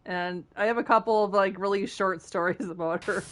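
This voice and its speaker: A woman's voice: medium pitch, steady tone, moderate pace, fairly bright tone, a little hiss or hum. A woman game streamer chatting casually with her viewers as she plays, giggling often and teasing playfully. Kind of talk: casual chat while gaming.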